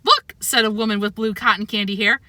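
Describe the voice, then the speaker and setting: Excited elderly lady, high and fluttery; woman reader voices her. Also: fast, no room sound, natural voice. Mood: eager. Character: excited old woman, blue-haired resident.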